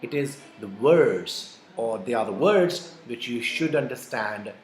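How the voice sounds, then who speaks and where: A man giving a lively exam-prep lecture, repeating his key points and calling his listeners folks. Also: medium pitch, measured pace, soft background music. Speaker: IELTS teacher. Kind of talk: classroom-style lecture. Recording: echoey room with faint ambience.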